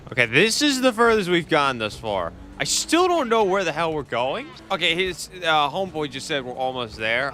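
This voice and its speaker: A man giving casual commentary over his own gameplay, excitable, quick to complain and prone to loud outbursts. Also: on the high side. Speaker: gaming YouTuber.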